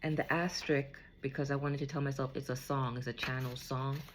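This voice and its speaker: There's slight background noise as a woman with a rumbling low voice and steady tone talks fairly quickly. She gives an easygoing spiritual card reading to someone unseen, offering reassurance and often checking in with "okay?"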